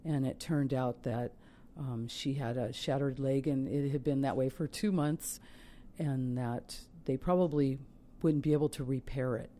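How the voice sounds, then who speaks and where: A woman's voice: extremely low pitch, fairly even intonation, a little slow, warm tone. A middle-aged woman, the mother of a soldier, giving an earnest, reflective personal testimony.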